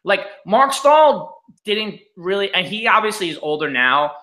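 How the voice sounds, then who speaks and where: A man co-hosting a casual hockey podcast, ranting in an animated way and often saying "like" and "listen". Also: sits high, measured pace, echoey room. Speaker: podcast co-host.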